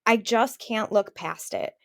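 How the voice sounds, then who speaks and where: A woman's voice: a little high, measured pace, creaky, fairly bright tone. A woman in her thirties co-hosting a podcast, telling personal stories in a candid, emotional way. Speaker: podcast co-host. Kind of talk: casual chat.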